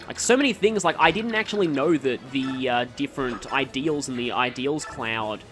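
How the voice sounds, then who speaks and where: A man's voice: medium pitch, normal speed, over music. A man with an Australian accent giving casual, rambling commentary over a game playthrough, often wandering off on tangents and correcting himself mid-sentence. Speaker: let's play commentator.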